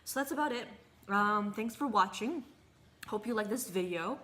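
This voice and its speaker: Tasting tomatoes for her vlog, a woman chats in a mid-range, expressive, somewhat bright voice at a moderate pace. She gardens, sounds a little hesitant, and occasionally speaks while chewing.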